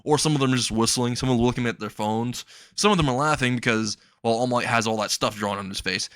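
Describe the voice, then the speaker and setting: A man's voice: medium pitch, fast, a bit bright, no room sound. A man telling a comedic story casually, crude, rambling and often laughing.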